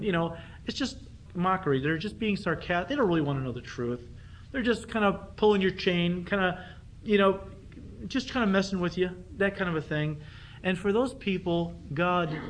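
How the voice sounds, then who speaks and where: A man's voice: high voice, slight background noise. A man preaching a conversational sermon, teaching through a Bible passage with emphatic rhetorical questions. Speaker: pastor.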